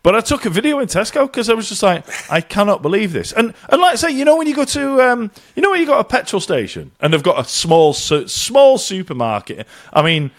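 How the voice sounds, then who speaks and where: An Englishman now living in Ireland co-hosts a casual podcast chat, speaking briskly in a high-sitting voice with hardly any pauses. He's animated and swears, launching into tongue-in-cheek rants and quoting people in put-on voices.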